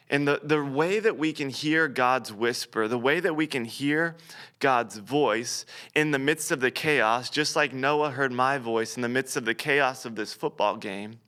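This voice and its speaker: Young guy pastor doing a devotional, bright clear voice, earnest, goes soft and quiet on the big points. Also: medium pitch. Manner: earnest storytelling, slowing and softening toward quiet emphasis. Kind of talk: devotional sermon.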